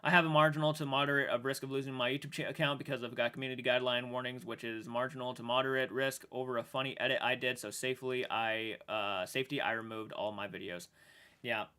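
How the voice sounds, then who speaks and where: Man, livestream chat, upset, halting speech, swearing, bright edgy voice. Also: mid-range voice, little pitch movement, clear, resonant tone. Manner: emotional, halting, with frequent restarts and swearing. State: shaken and upset. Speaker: streamer.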